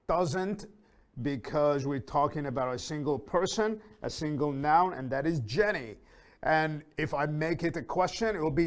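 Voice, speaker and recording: A man teaching an English grammar lesson, reading example sentences slowly and repeating them for learners, with fillers and small self-corrections. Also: fairly high pitch. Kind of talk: slow, deliberate lesson explanation.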